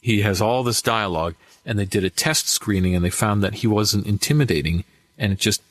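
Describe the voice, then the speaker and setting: Brief: low-pitched man, voice actor guest, lively storyteller, dry close mic. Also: a little fast, no room sound. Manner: animated anecdotes with acted-out quotes. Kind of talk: casual interview storytelling.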